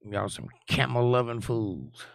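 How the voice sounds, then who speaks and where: Hoarse man with a gravelly, scratchy voice. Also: animated, a little slow, dry recording, studio quality. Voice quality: scratchy, low. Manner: laid-back, jokey, reads chat messages aloud. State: hoarse, voice almost gone. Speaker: live stream host reading chat. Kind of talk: casual chat.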